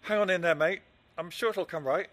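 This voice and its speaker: A man's voice: sits high, a little fast, fairly bright tone. An actor playing an easygoing man who jokes around and slips into a mock Italian accent, in a radio drama. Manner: breezy, joking, puts on a mock Italian accent. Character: easygoing adult man, the woman's partner.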